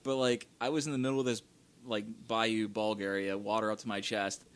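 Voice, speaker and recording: A man co-hosting a casual podcast chat, talking in a relaxed, rambling way with lots of fillers. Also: on the low side, fairly quick, clean tone. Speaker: podcast co-host.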